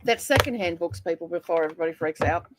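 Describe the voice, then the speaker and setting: A Scottish woman hosting a casual livestream chat, talkative and quick to laugh. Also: fairly low pitch. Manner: chatty, laughs often. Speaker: livestream host.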